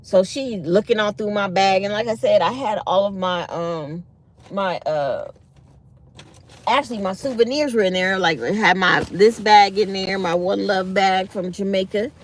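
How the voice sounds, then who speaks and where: A woman's voice: medium pitch, normal speed. Exasperated woman telling a travel story. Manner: exasperated, acts out quoted exchanges. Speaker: channel host. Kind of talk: casual storytelling to viewers.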